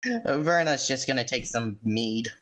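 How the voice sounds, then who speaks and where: A woman's voice: a bass voice, unhurried. A woman playing a tabletop game, chatting in a laid-back, amused way. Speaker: player. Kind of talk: casual tabletop game play.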